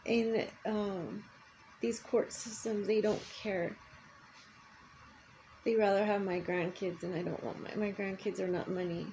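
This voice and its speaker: A woman's voice: medium pitch, fairly even intonation, measured pace, warm tone, slight background noise, poor audio. An older woman in a personal vlog, ranting angrily and swearing often. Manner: angry profane ranting.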